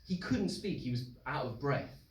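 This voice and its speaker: A young man telling a true story live on stage, animated, acting out the voices of the people in it. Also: mid-range voice, moderate pace. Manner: animated, acts out voices in quotes. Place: live event hall with audience. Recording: roomy live hall, distant mic, noisy.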